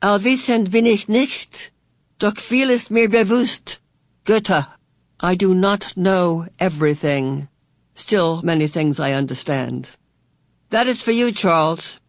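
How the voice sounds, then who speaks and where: A mysterious old spirit woman, as a man voices her, speaking cryptic lines slowly and deliberately. She quotes verse in a measured cadence. The sound is dry and close, and the voice fairly high for a man. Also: dry recording. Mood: cryptic solemn.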